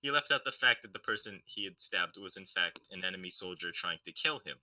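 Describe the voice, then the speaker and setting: A man reading aloud and bantering with friends, loud, profane and joking, recorded dry and away from the mic. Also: sits low, expressive, a little fast, no room sound, distant mic, rough recording. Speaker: reader.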